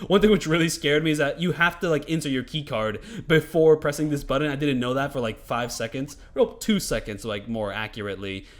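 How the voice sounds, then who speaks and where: Brisk and barely pausing, a gaming commentator with a fairly high voice talks through gameplay. He rambles, swears freely, and keeps dropping fillers such as "like" and "you know."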